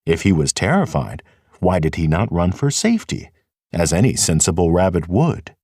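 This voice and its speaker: Male audiobook narrator, deep voice, lively pitch, dry close recording. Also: moderate pace, no room sound. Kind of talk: scripted narration.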